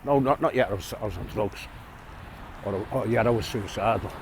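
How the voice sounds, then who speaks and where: A middle-aged Englishman, a vlogger, tells prison stories while walking a dog outdoors. His fairly low voice moves briskly over background noise as he rambles through a long personal tale, restarting often and chuckling.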